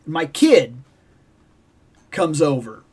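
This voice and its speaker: A woman hosting a toy collecting vlog, telling a lively, opinionated story about a video game and acting out its sounds. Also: deep voice, extremely slow, breathy edge. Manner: animated, acts out game sounds and voices; passionate, opinionated about games. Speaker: toy collecting channel host.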